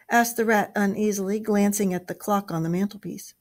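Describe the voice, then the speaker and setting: A woman teacher reading a storybook aloud to a class, expressive, with chatty asides. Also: fairly low pitch, brisk, hardly any pauses.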